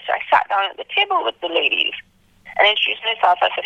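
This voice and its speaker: This young travel blogger from Antigua in the Caribbean talks very fast, with vocal fry, as an interview guest recounting her story. She's lively and acts out what people said to her with big pitch jumps. The recording has no room sound and the highs are cut off.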